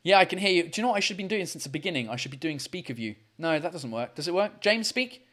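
Upbeat high-voiced man hosting callers. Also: animated, fast, fairly bright tone. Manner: upbeat, chatty, stumbles and repeats words. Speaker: host of a live video call show. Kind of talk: casual live-stream chat with callers. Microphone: computer mic on a video call.

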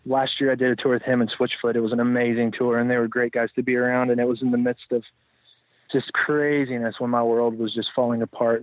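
A man with a medium-pitched voice is a podcast guest in casual interview talk, reflective and rambling with many fillers and restarts. The recording comes through a tinny, phone-like line and is dry.

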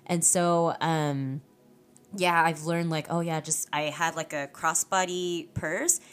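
A woman in easygoing podcast talk, spinning lively stories and swearing freely. Her voice sits a little low for a woman. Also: slow pace, clear, resonant tone, soft background music. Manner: animated storytelling with swearing and laughs. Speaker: podcast guest. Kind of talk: casual chat.

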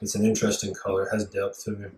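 A man's voice: fairly low pitch, monotone, rapid-fire, darkish tone, echoey room, distant mic, low-quality recording. A man with a Southern US accent co-hosting a podcast in casual chat, rambling along with mock-formal wording. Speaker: podcast co-host.

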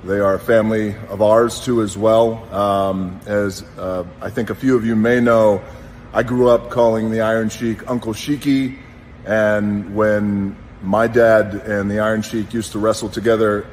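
Man, 50s, earnest and unhurried, lowish voice, reverberant room with faint noise; heartfelt tribute read. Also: steady tone, a little mellow. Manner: earnest, unhurried, with pauses and fillers. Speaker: wrestler giving a tribute.

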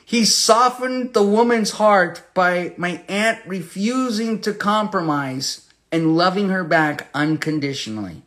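A fairly high-voiced man gives a passionate verse-by-verse Bible teaching. He moves from loud, emphatic declarations to quiet, intimate storytelling, and his tone stays conversational throughout. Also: unhurried, few pauses. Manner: impassioned, swings between loud emphasis and hushed storytelling.

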